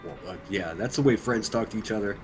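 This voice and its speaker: A man streaming profane, mocking reaction commentary with a husky voice. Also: on the low side, fast talker, soft background music. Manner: mocking, ranting, heavy swearing.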